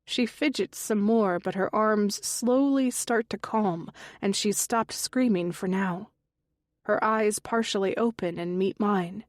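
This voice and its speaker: A woman reading a first-person mystery audiobook in a measured, unhurried way. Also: medium pitch, no room sound, studio quality. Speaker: audiobook narrator.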